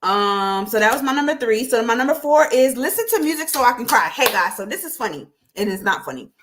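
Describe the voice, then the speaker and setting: A woman's voice: a little high, very animated, fairly quick, background noise. Chatty woman hosting a podcast. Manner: chatty, laughs often, addresses listeners directly. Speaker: podcast host. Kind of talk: casual solo podcast talk.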